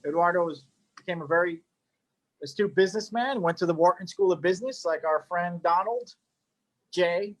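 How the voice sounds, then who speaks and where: A man's voice: high voice, moderate pace. A middle-aged man casually telling his story as a cigar maker, rambling with joking asides and lots of fillers.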